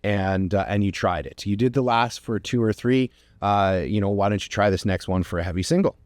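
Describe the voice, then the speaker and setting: A man with a fairly low voice speaks as a podcast host, earnest and encouraging. He tells his story in an unhurried, reflective way. The sound is close and dry, with no room around it. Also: no room sound. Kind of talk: personal podcast monologue.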